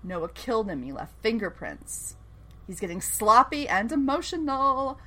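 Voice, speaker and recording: A woman co-hosting a casual recap podcast, with a lively voice that swings widely in pitch. She is excitable, laughs often and swears casually. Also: a little slow. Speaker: podcast co-host.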